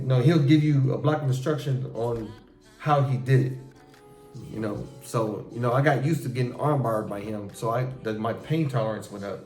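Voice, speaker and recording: A middle-aged man hosting a casual chat with his son, telling profane, animated stories about his past and acting out how he reacted. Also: medium pitch, moderate pace. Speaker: show host talking with his son. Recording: echoey room with faint music.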